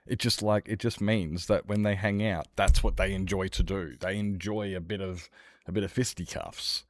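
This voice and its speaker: A man's voice: low voice, fairly even intonation, moderate pace, no room sound, clean studio sound. A young man streaming a game, chatting casually with chat in a rambling, blunt way and swearing freely. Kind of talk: casual chat while gaming.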